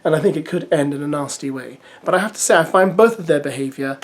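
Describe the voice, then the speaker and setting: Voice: mid-range voice, fast talker, a little hiss or hum. A reality TV recap host reading a press release aloud and giving casual, opinionated commentary.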